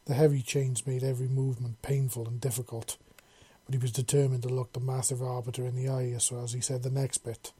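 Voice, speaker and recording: A man reading a science-fiction fan story aloud, in steady descriptive narration. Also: medium pitch, brisk, slightly rough, no room sound.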